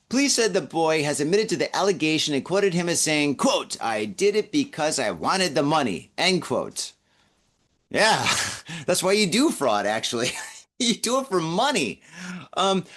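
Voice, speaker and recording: A man in his forties hosting a podcast, chatting casually through the news with jokey laughing asides while hungover. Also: fairly high pitch. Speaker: podcast host.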